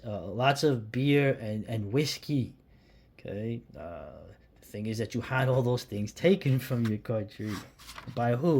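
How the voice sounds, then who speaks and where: A man from the United States chatting casually to camera about beer, rambling and restarting sentences, sometimes dropping to a hushed near-whisper. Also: mid-range voice, a little hiss or hum. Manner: rambling, self-interrupting, drops to a hushed near-whisper when admiring the beer. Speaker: beer vlogger.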